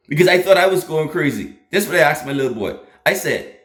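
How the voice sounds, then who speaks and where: Casting: man in his thirties, channel host, lively storyteller, fairly high voice, echoey room. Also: fast talker. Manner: animated, laughing, repeats lines for emphasis. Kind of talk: casual storytelling to an online audience.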